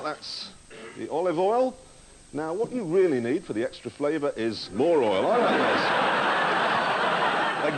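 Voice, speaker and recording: A man's voice: on the high side, lively intonation, a little slow, pauses often. A man hosting a comedy show, delivering a wry, mocking comic monologue to camera. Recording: loud background noise.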